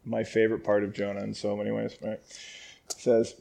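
A man's voice: lowish voice, monotone, a little fast, creaky, mellow. A man teaching a Bible passage in a casual, joking way, often laughing and acting out lines in a raised voice. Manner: jokey and conversational.

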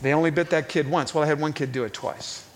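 Man, middle-aged, preacher, sermon, animated storytelling, repeated words, fairly high voice. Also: quick pace.

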